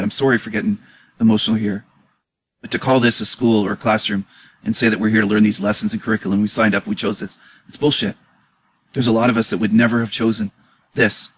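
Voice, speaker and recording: Man, husky voice, middle pitch, indignant reaction commentary, emotional, repeats his questions. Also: poor audio.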